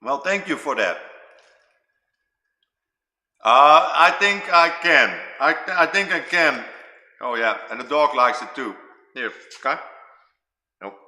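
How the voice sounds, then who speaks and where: A man's voice: medium pitch, expressive, slow, long pauses, bright, forceful tone. Chatty man in his fifties, echoey room. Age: 50s. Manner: rambling, repeats words, eats while talking. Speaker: livestream host chatting with viewers. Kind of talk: casual livestream chat. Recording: echoey room with long reverb.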